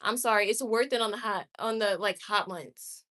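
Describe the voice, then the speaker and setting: A woman's voice: medium pitch, a bit bright. A woman chatting casually on a live stream and reacting candidly to viewer comments. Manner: chatty and candid, with quick laughs and exclamations. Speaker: livestreamer.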